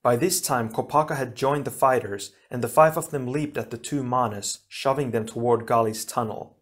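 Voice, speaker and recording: A man narrating an action storybook in a steady, even reading voice. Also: medium pitch, normal speed. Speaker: audiobook reader.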